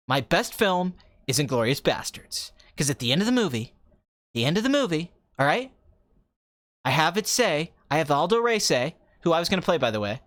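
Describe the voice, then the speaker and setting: A man doing a comedic impression of a cocky film director, ranting fast and swearing, swinging from quiet musing to loud excitement. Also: on the high side, no room sound, voice pushed down. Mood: boastful.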